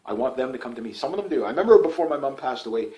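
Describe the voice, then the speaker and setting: A man's voice: medium pitch, expressive, very fast, darkish tone, poor audio. A middle-aged man delivering a casual political monologue to his channel, rambling and repetitive with frequent restarts. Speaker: political YouTuber.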